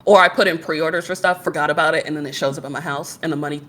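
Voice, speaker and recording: A woman's voice: low-pitched, racing. A woman in her thirties, a podcast guest and streamer, chatting casually and telling stories, acting out the other people's lines as she goes. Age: 30s. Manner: animated storyteller who acts out quoted dialogue. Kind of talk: casual chat.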